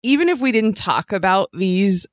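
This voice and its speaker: A woman's voice: mid-range voice, animated, normal speed, dry recording. A woman comedian co-hosting a podcast in casual chat, bubbly and gushing.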